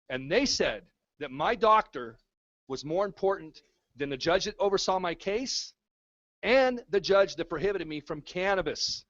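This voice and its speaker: A man with a slightly raised pitch delivers a fervent, repetitive rallying speech at a community town hall. The sound is dry and close, with a somewhat dull, low-fidelity tone. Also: expressive, moderate pace, a bit bright. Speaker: activist speaking at a town hall. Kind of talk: impassioned public speech. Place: town hall meeting room.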